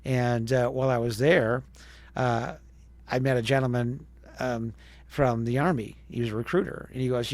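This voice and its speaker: A man in his fifties from Wisconsin, formerly a radio DJ, spins stories in an interview, chatting and imitating the people he quotes. His mid-range, darkish voice moves at a moderate pace with fairly even intonation, and no echo is heard.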